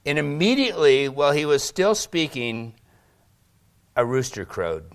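A man's voice: on the high side, big pitch swings, a little slow. Guy preaching, dramatic storytelling, does little voices for the quotes. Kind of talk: sermon.

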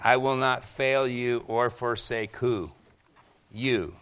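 Pastor guy giving a sermon, mid-pitched voice, throws questions at the congregation, slows way down on bible verses. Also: fairly bright tone, clean tone. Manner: asks the congregation questions and pauses for answers; slows down to read scripture.

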